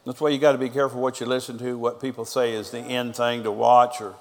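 A man's voice: mid-range voice, flat delivery, fast, big-room sound. A middle-aged man, a pastor preaching a sermon and telling stories, quoting people's words back and forth. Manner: storytelling preacher, quoting others in conversation.

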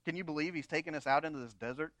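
A man's voice: on the high side, very fast, a bit bright, dry recording, voice pushed down, lightly acted. A man voicing grumbling desert travelers who whine and complain in disbelief. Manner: whiny, incredulous complaining.

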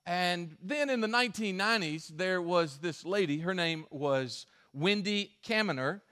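A male pastor preaching a sermon and telling a story, swinging from emphatic stretches to hushed ones. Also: sits high, unhurried.

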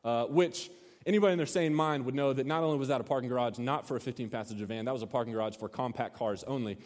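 A man's voice: medium pitch, quick pace. A man preaching, telling a funny story and acting out the voices, in a large hall. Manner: storytelling, animated, acts out shouts. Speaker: pastor. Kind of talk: sermon with a story. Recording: long hall reverb.

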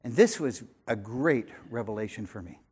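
An older man in his sixties preaching a sermon, animated, swinging between loud emphasis and quiet conversational asides. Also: mid-range voice, moderate pace, slightly rough. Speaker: pastor.

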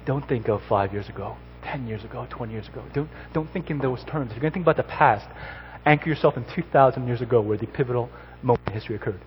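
Guy preaching, tells a story then builds up to loud exhortation, muffled recording w faint hiss. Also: mid-range voice, quick pace. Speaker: pastor. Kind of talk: sermon. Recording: slightly dull recording with faint noise.

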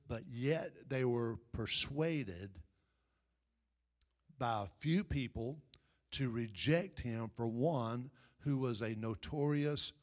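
Slow, emphatic preacher man. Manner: rises to loud emphatic peaks, then drops low and slow. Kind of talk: sermon.

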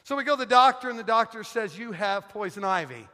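High, bright-voiced joking male preacher. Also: fast, big-room sound. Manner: joking, animated storytelling. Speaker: guest pastor. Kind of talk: sermon with storytelling. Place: church sanctuary.

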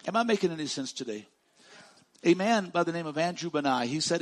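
A man preaching a sermon as pastor, stressing words by repeating them and swinging from loud declarations to hushed, slow lines. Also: on the high side, animated.

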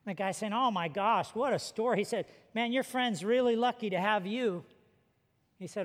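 A man's voice: high voice, normal speed. A man preaching a sermon as pastor, telling a story and acting out the people in it. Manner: storytelling, acting out quoted voices. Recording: long reverb of a large hall.

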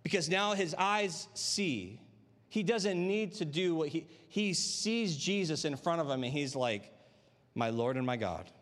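A man's voice: on the high side, animated, unhurried, fairly bright tone, big-room sound. A man preaching a sermon to a live congregation in a chatty, conversational way, often tossing out rhetorical tag questions. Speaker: pastor. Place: church sanctuary with live congregation.

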